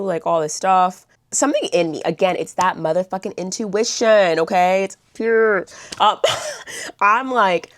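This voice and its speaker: A woman's voice: on the low side, moderate pace, no echo, studio quality. A young woman vlogger telling a storytime in a blunt, chatty way, swearing and saying "like" a lot. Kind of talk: storytime vlog.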